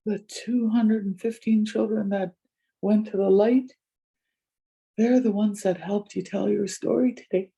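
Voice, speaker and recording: An older woman, a community elder, telling a personal story with lively quoted exchanges. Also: medium pitch, a little slow, gravelly, breathy edge. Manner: animated retelling with many quoted exchanges. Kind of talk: storytelling talk.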